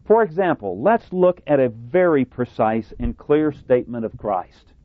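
A man preaching a sermon to a congregation, reading scripture and quoting others in a deliberate, emphatic manner with touches of sarcasm. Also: medium pitch, expressive, no echo. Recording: tinny phone-like dry sound.

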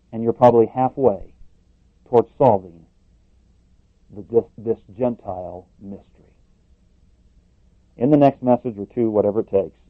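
A man's voice: medium pitch, no echo. Emphatic male preacher, muffled dry recording. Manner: emphatic, repeats words, rises on questions. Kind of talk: sermon.

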